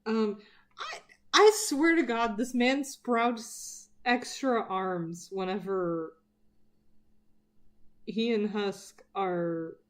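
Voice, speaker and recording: Slow-talking, cussing woman streamer. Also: medium pitch. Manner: swears freely, rambling, self-deprecating. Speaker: art streamer. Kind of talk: casual chat while drawing live.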